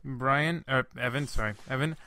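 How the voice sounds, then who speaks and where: A man's voice: mid-range voice, normal speed, bright, forceful tone, dry recording. A young man hosting a casual podcast chat, rambling through a story with fillers and swearing. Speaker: podcast host.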